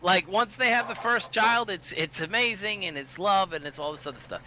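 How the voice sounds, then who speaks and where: A man's voice: high-pitched, normal speed, pushed and bright, a little hiss or hum, low-quality recording. A man telling a long, profane story in casual podcast chat. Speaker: podcast co-host.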